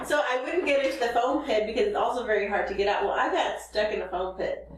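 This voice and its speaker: A woman's voice: fairly high pitch, quick pace, background noise. A woman co-hosting a casual chat about motherhood, telling embarrassing stories with self-deprecating laughs. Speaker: podcast co-host, mother. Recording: echoey room, mic at a distance.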